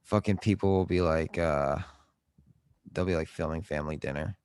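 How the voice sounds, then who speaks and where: Deep-voiced young man, loose and profane. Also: moderate pace, a little mellow, clear, resonant tone, dry recording. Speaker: podcast co-host. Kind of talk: casual chat.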